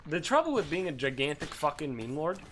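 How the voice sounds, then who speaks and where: A young man hosting a let's play, rambling through casual gameplay commentary, swearing freely with excitable bursts. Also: a little high, fairly quick, a little hiss or hum.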